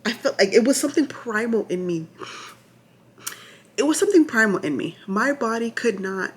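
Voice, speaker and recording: A woman vlogger telling the story of her labor in a chatty, animated way, full of asides and restarts, sometimes checking her notes. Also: a little high, moderate pace, breathy edge. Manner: reads from notes at times. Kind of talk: casual storytelling to camera.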